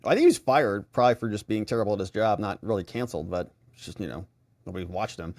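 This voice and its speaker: A man hosting legal commentary, talking casually with a sarcastic, animated manner. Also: lowish voice, quick pace, no echo, studio quality. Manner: animated, sarcastic, mimics reactions.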